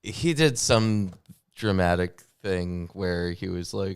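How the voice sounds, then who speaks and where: Man, unhurried co-host, low smooth voice, reads scripture with dry asides, dry close sound. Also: no echo. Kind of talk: casual chat and reading scripture aloud.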